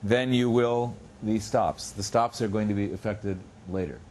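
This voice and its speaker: A man giving an academic lecture in a university seminar room, explaining step by step with pauses and small restarts, slowing down to spell out example words. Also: lowish voice, steady tone, a little mellow, a little hiss or hum. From United States. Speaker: guest lecturer.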